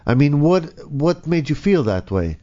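A man hosting an interview, asking curious and gently skeptical questions in a casual way. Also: a little high, very animated, moderate pace. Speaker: interview host. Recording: dull lo-fi recording.

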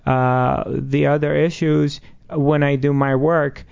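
A man in his fifties with a slightly high voice, gravelly at the edges yet smooth and resonant underneath. He explains his healing work earnestly and haltingly, full of pauses, on a dull lo-fi recording. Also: little pitch movement, darkish tone. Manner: slow, earnest, halting with many fillers. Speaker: spiritual healer guest. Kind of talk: interview answers.

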